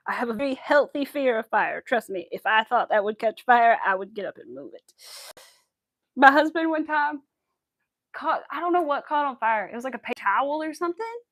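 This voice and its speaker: A chatty woman hosts a relaxed crochet livestream. Her voice sits a bit high, and she giggles often as she talks to viewers while she works. The sound is dry and close, with no room around it. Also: normal speed, long pauses, dry recording. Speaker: crafting channel host. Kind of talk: casual crochet livestream chat.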